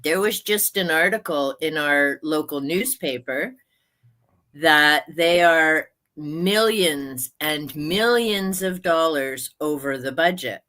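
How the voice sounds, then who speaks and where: Slow, bright-voiced woman in her sixties. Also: low voice. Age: 60s. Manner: chatty, laughs often, slow and drawn-out. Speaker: livestream host. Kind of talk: casual chat.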